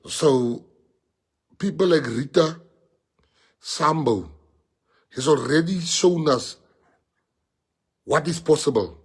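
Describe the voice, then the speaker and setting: A party leader with a South African accent rallies his party's members, emphatically repeating phrases and mixing in bits of Afrikaans. His voice is on the high side and slightly rough, and he takes it slowly, pausing often.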